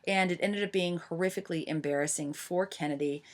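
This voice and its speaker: Chatty woman teaching history, low-pitched. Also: a little fast. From United States. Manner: chatty, many fillers and restarts. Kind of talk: informal history lecture.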